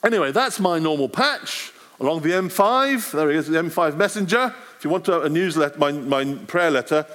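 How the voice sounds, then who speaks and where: A middle-aged man talks to a church gathering about preaching on the street. His pitch swings up and down constantly, and his delivery is animated and conversational. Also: a little fast, few pauses. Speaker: street evangelist. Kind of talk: talk to a church audience.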